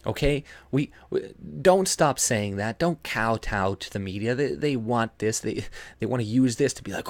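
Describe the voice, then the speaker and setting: A man's voice: mid-range voice, lively intonation, normal speed, dry recording. A man from Canada giving a heated, swearing video rant, breaking into scoffing laughs and mocking other people's voices. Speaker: political commentator. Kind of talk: ranting video commentary.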